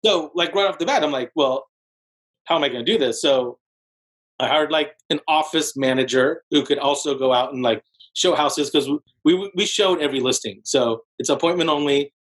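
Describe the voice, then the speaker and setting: A man in his forties speaks as a podcast guest in a loose, animated storytelling manner. His voice sits a little high for a man. He strings his story together with frequent "like" fillers. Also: moderate pace, rough recording. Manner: animated storyteller, heavy use of "like", jumps into higher voices for quotes. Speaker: podcast guest, real estate broker. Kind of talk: casual storytelling interview.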